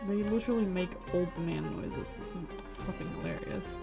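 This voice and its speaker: This woman's voice is on the low side, very animated, with vocal fry and a moderate pace. She rambles and curses through casual commentary while playing a video game on stream, stopping herself mid-thought. Her voice sits over loud game music.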